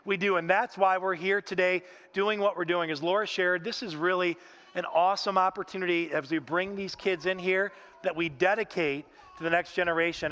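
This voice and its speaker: This pastor's voice sits high and is a bit bright as he delivers a sermon in the church sanctuary. He tells stories folksily and says "man" a lot.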